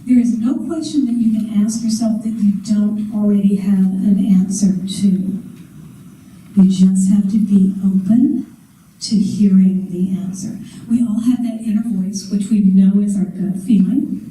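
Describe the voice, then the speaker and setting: Middle-aged woman, motivational speaker, mellow dark voice, distant in a reverberant hall. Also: mid-range voice, a little slow, slight background noise. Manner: animated storytelling, acting out her own inner voices. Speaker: career coach and motivational speaker. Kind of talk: conference talk to a live audience. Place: conference room.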